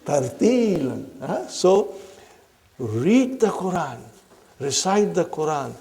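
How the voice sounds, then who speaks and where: A man's voice: on the high side, big pitch swings, takes it slowly, pauses often, warm tone. A man teaching an Arabic grammar lesson to a class, who keeps asking questions and checking in with "huh?".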